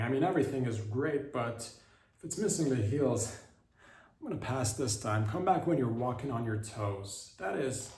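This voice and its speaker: Young guy ranting jokes on a podcast, swearing a lot, warm low-key tone, kinda echoey. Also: animated, normal speed, far from the mic. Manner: rambling, profane, riffing with mock indignation. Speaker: podcast host. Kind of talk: comedic monologue.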